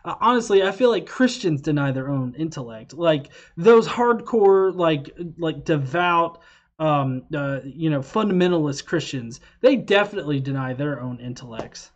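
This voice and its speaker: A man's voice: a little high, expressive, moderate pace, muffled recording. A man hosting a casual livestream, rambling and swearing, with lots of fillers and restarts. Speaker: livestream host.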